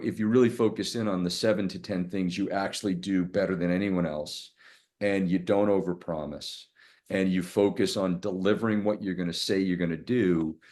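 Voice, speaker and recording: A middle-aged man speaks as a podcast guest from a hotel room, his voice very low and deep. He talks candidly, circling back and restarting his sentences as he goes. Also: a little mellow. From Boston area, USA. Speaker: guest, sales executive. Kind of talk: casual podcast interview.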